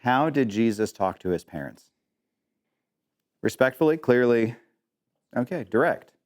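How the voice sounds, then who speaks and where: A man's voice: mid-range voice, animated, a little slow. A man teaching an interactive Bible lesson, quizzing the class with questions and dropping in joking asides.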